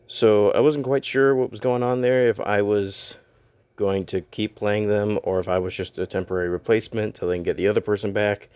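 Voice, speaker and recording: Young male vlogger, low-pitched, dry close mic, rambling and self-deprecating. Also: steady tone, brisk, darkish tone, clear, resonant tone, no echo. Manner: rambling, self-deprecating, stumbles over words. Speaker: YouTuber and voice actor. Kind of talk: casual announcement vlog.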